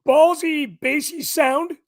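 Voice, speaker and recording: A man with a strikingly high, thin, strained voice talks in loose, casual podcast chat. He is blunt, swears freely and laughs easily. The sound is close and dry, with no room around it. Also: fairly even intonation, slow pace, no echo. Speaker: podcast co-host guest.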